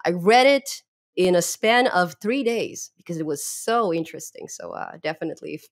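A young adult woman with a non-native English accent, chatting as a podcast guest, lively and laughing often between fillers. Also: on the low side, moderate pace. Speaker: podcast guest, Python educator. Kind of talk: casual interview chat.

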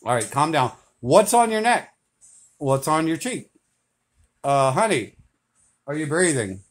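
A man in his forties laughing his way through a casual home video, loud and full of swearing. His voice sits a little high and swings widely in pitch. He talks at an unhurried, drawn-out pace. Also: very animated. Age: 40s. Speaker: filming his girlfriend at home.

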